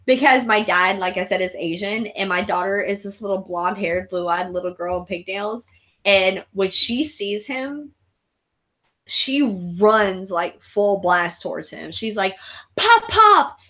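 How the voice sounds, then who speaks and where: A woman hosting a live casual chat, telling rambling, excitable stories. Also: medium pitch, measured pace. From raised abroad in military families. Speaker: host of a live horror chat show.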